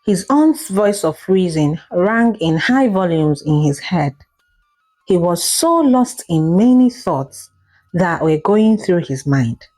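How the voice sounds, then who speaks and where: Nigerian lady reading a story slow, lowish mellow voice, soft music behind. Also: lively intonation. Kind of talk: scripted story narration.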